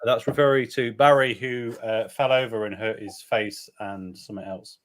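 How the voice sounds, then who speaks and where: A man's voice: lowish voice, steady tone, moderate pace. Rambling joking man reading out comments. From England. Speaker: live stream co-host. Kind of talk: casual chat reading viewer comments.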